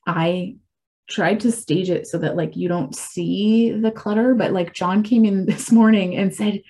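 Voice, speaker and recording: A woman's voice: medium pitch, steady tone, unhurried, warm tone, breathy edge. A woman in her forties talking casually and candidly about her faith and recovery, reflective, with frequent fillers and restarts. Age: 40s. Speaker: speaker sharing a personal faith and recovery story.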